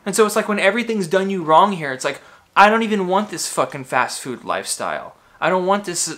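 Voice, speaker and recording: Guy in his 30s venting, kinda high voice, cussing, rambling with lots of likes. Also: big pitch swings, fairly quick, pushed and bright. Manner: agitated, swearing, rambling with many fillers. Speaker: vlogger. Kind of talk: ranting monologue.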